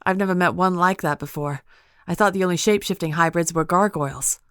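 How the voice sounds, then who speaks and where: A woman's voice: fairly low pitch, a little fast, a bit bright, clear, resonant tone, no room sound, clean studio sound, voice pushed up, lightly acted. A woman voicing a young witch heroine in an audiobook, asking urgent, clipped questions. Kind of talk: audiobook character voice.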